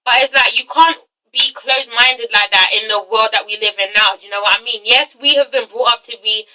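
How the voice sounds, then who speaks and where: High, bright, sassy woman vlogger. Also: fairly quick, far from the mic, rough recording. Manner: sassy and profane, with constant "okay? all right?" tags. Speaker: vlogger reviewing a reality show. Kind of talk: casual recap and commentary.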